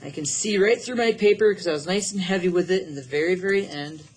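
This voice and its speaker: A man's voice: high-pitched, quick pace, husky. A middle-aged man teaching a drawing lesson, upbeat and encouraging, thinking aloud as he works. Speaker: art teacher.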